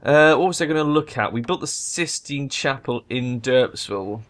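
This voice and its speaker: A young man giving loose, excitable gameplay commentary, thinking aloud and swearing freely. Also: mid-range voice, moderate pace. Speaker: let's play gamer.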